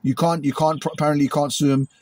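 A British man venting angrily in a vlog, repeating himself and imitating loud bangs, recorded outdoors. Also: a little high, flat delivery, fast. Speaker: vlogger. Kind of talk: agitated monologue to camera. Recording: outdoors in a cemetery.

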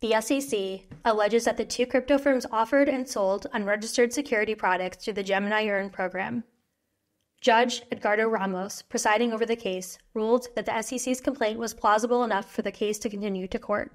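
A woman reading a scripted news segment in a steady, even newsreader delivery. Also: on the high side, fairly quick. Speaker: news reader.

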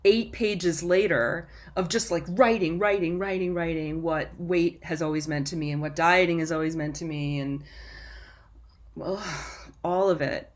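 A woman's voice: on the low side, fairly even intonation, a little slow. A woman guest on a podcast, telling her story in a rambling, self-interrupting way and laughing often. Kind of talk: casual interview chat.

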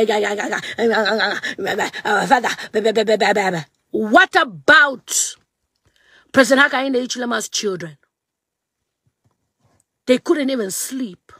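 High-voiced woman in an angry scolding rant. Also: a bit bright, no room sound. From Zambia. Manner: scolding, repeating mocking phrases. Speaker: vlogger. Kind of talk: angry political rant to camera.

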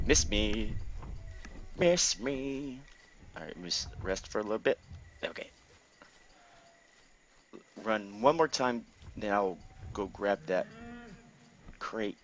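A man commentating his own gameplay casually, excitable, laughing and swearing often. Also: on the low side, takes it slowly, pauses often, slight background noise.

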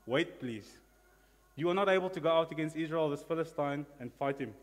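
A man's voice: a little high, a little fast, lightly acted. A man playing a worried King Saul, hurriedly warning a boy not to fight. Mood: cautioning. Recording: long reverb of a church hall.

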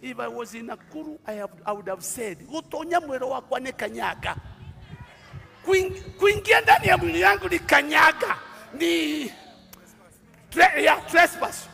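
A high, bright-voiced man with a Kenyan accent delivers a sermon at an unhurried pace. He shifts from quiet storytelling into shouted declarations. It is a live recording in a large hall with long reverb and faint music behind. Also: animated, creaky. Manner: dramatic preaching that swings from quiet storytelling to shouting. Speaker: bishop.

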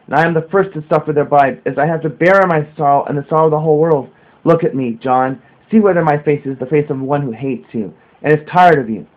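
A man doing a solemn, gentle master. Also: a little high, close to an everyday voice. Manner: slow, solemn, consoling. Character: gentle, sorrowful male spiritual master. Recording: dull lo-fi home recording.

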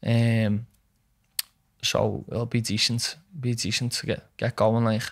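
Man, 20s, footballer guest, casual chat, animated, keeps saying lad. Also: medium pitch, slow. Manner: animated storytelling, says "lad" constantly.

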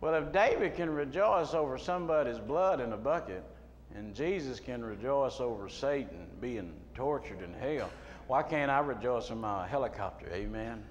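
A middle-aged man preaching a sermon as a pastor, moving between quiet storytelling and loud shouting. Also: mid-range voice, lively intonation, moderate pace, highs cut off. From United States. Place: church sanctuary. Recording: long hall reverb, faint room noise.

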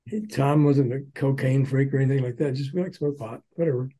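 Older man telling lively stories, mellow voice. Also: mid-range voice, fast talker, poor audio. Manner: animated anecdote-telling, acting out quotes. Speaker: author and former record promoter. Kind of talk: storytelling in a podcast interview.

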